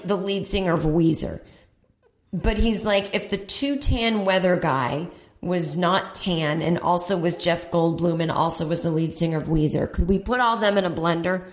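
A woman comedian and podcast host telling a comedic story, animated and acting out voices with big jumps in pitch. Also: roomy sound. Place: home in Brooklyn.

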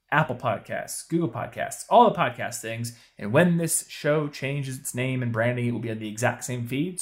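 A male podcast host talking in a casual, emphatic way, hammering his points home in short, punchy bursts. His voice sits at an ordinary middle pitch. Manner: emphatic, punchy advice-giving with quick asides.

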